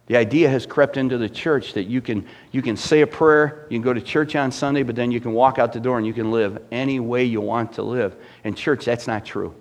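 A man's voice: mid-range voice, a little fast, hardly any pauses. A middle-aged man preaching a sermon with rising fervor and asking the congregation rhetorical questions. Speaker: pastor.

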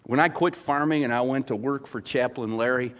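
A man preaching a sermon, telling stories with big swings from quiet, low passages to loud, excited ones. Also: a little fast. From former dairy farmer. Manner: animated storytelling, swings from soft to loud. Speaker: pastor.

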